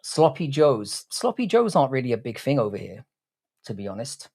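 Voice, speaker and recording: A man's voice: mid-range voice, wildly swooping pitch, quick pace, gravelly, a little mellow, husky. A man, hosting a livestream from a room at home, casually chatting and bantering with his viewers, swearing freely. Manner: laid-back, swears freely, banters with chat. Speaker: livestream host.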